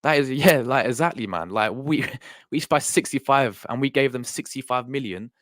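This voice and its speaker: A man's voice: mid-range voice, moderate pace, a bit bright, no room sound. A young man chatting casually on a live stream, rambling and repeating himself as he talks to his chat.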